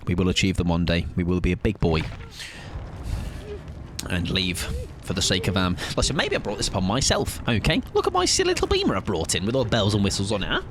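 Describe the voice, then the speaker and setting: A man's voice: deep voice, wildly swooping pitch, quick pace, background noise. A tired young man rambling playfully and mocking himself while he comments on a game he is playing live. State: tired, sleep-deprived. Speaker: streamer.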